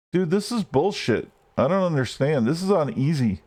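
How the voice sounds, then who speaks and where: Streaming his gameplay live, a man rants and swears at the game out of frustration. His voice is fairly high-pitched with a darkish tone.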